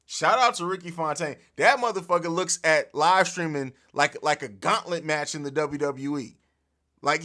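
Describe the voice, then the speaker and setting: A man hosting a casual sports podcast livestream from a home studio, animated and profane, laughing often, recorded on an overhead mic. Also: a little high. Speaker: podcast host.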